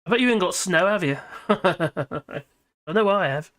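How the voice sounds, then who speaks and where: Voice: mid-range voice, animated, unhurried, a bit bright. A live-stream host, chatting casually and reacting to viewer comments in a scattered, talkative way.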